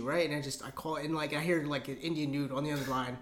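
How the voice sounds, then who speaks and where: A man's voice: a little high, steady tone, fast talker, hardly any pauses. A man co-hosting a podcast in casual chat, crude and joking, laughing often and acting out stories. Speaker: podcast co-host. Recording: echoey room.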